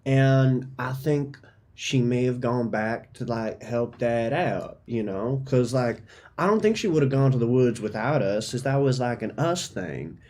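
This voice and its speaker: A man voicing a cheeky, scheming fifth-grade boy in a tabletop role-play, talking fast and eager. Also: mid-range voice, animated, dark tone, lightly acted. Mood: earnest. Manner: fast, eager, pleading in-character talk.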